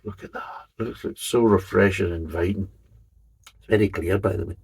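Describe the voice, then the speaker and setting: A man's voice: low voice, fairly quick, vocal fry, a little mellow, husky. A man hosting a casual beer review, grumbling and swearing between jokey asides as he reads the label.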